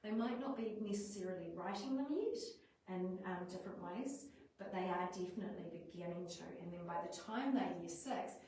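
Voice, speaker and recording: A woman teacher with a New Zealand accent explaining classroom writing lessons to parents in a lively, chatty way, showing how she talks to the class. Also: on the low side, fairly quick, recorded from a distance. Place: school hall or classroom at a parents' evening. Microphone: livestream device at a distance. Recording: echoey room, voice from afar, faint noise.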